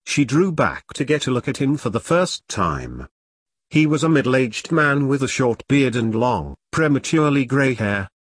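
Male narrator, husky voice, lively pitch, close dry audiobook sound. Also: moderate pace, no room sound.

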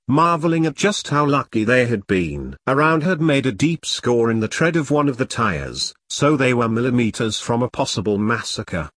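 A man giving steady, measured scripted narration of an audiobook. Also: medium pitch, no echo, studio quality.

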